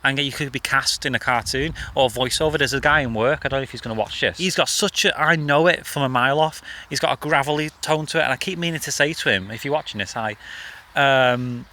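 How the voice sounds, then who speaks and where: A man's voice: medium pitch, fast, pushed and bright. A man hosting a casual outdoor interview, chatty and freely giving advice. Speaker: interview host. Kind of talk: casual chat. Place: outdoors by a bridge.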